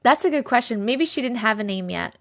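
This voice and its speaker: High-pitched, gravelly-voiced woman. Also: lively intonation, a little fast, a bit bright. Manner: chatty and effusive, reacting aloud to chat. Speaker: livestream host reading viewer stories. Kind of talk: casual livestream chat and story reading.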